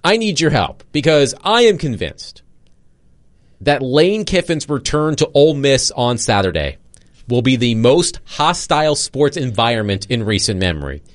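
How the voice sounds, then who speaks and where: Lively male sports radio host. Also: medium pitch, moderate pace. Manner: upbeat, reads listener texts and the call-in number.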